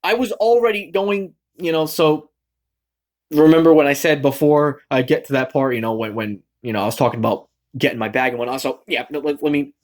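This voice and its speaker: A young man from Massachusetts vents in a loose, rambling story, full of fillers and false starts. His voice sits a little high for a man, and he breaks into lively acted-out quotes. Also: a little fast. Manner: rambling, many fillers and restarts; animated, acts out quoted lines. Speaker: vlogger. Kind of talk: casual storytelling rant.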